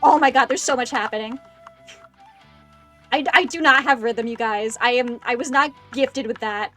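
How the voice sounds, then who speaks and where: A woman in her twenties chatting excitedly on a gaming livestream, making self-deprecating asides into a close desk microphone. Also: on the high side, normal speed, soft background music. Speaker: streamer. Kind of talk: casual gaming livestream chat.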